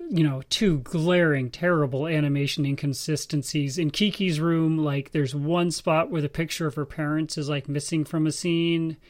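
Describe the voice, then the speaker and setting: A man's voice: a little high, steady tone, normal speed, few pauses. A married man on a podcast, rambling enthusiastically and jokingly about a favorite film. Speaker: podcast co-host. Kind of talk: casual film discussion.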